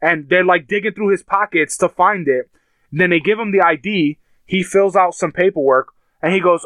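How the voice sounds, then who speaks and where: A man with a fairly high voice tells a heated story in casual conversation. He swears a lot and mimics what other people said. The sound is dry and close. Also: moderate pace, fairly bright tone, no echo. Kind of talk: casual podcast chat.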